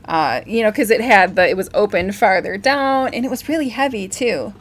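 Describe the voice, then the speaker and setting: A woman's voice: mid-range voice, moderate pace. A woman co-hosting a casual live stream, telling rambling stories and laughing often. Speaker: co-host, singer.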